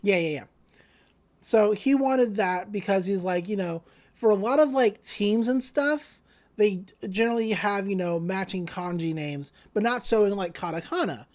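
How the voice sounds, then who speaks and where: A woman's voice: medium pitch, moderate pace, a little mellow. A woman co-hosting a podcast, casually retelling anime scenes with lots of fillers and "she's like" quotes. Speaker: podcast co-host.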